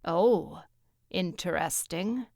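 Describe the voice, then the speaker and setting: A woman's voice: lowish voice, drawn-out words, smooth, dry recording, studio quality. A woman voicing a rich man stuck on an awkward date, speaking politely and hesitantly. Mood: uneasy.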